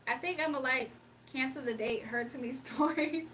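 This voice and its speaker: A woman's voice: sits high, moderate pace, fairly bright tone, distant mic, slight background noise, rough recording. A woman from Virginia hosting a late-night livestream, chatting casually, reading comments aloud, and laughing often. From Virginia, United States. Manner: laid-back slangy talk, laughs often. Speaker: livestream host.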